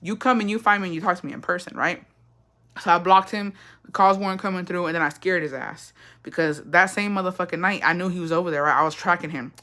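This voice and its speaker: Young woman, casual storyteller: bright, blunt, profane, slips Spanish phrases into her talk. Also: on the low side, fast.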